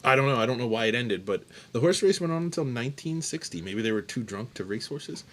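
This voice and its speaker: A man co-hosting a casual beer podcast, reading out trivia questions in a joking, animated way. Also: medium pitch, fast, noisy background. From United States. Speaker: podcast co-host running trivia.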